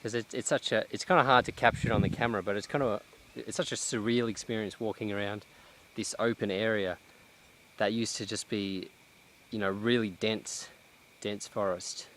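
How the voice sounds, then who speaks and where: Reflective man, low voice. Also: steady tone, a bit bright, slight background noise. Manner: reflective, halting, many restarts and fillers. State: slightly out of breath. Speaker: vlogger. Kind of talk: casual vlog monologue. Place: outdoors in a cut-down pine plantation.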